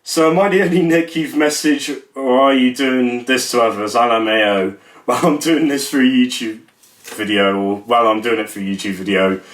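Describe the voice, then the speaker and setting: Speaking at normal speed with medium pitch and a fairly bright tone, a young adult YouTuber jokes about himself and rambles in a casual vlog. There's an echo from the room.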